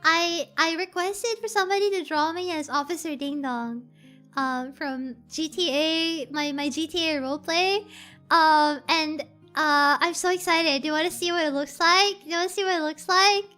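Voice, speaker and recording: A woman streamer chatting casually on a livestream, gushing and squealing with excitement. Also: very high voice, normal speed, soft background music.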